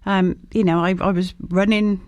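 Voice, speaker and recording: A woman's voice: medium pitch, level tone, normal speed, a little mellow, no echo. A woman guest talking frankly and casually in an interview, with lots of fillers and restarts. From England. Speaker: guest, shop owner.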